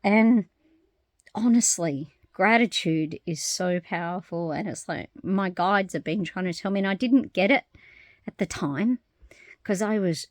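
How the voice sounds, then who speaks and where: A woman talking openly to camera in a casual vlog, animated and frank, swearing freely and laughing often. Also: mid-range voice, a little slow, dry recording. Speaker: vlogger. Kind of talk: casual personal monologue.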